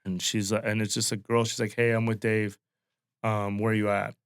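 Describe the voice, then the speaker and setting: A man's voice: lowish voice, level tone, normal speed, clear, resonant tone. A man in his late thirties, a comedian from Wyoming, telling a loose, profane anecdote in a casual podcast chat. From Wyoming, USA. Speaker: guest comedian. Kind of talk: casual storytelling.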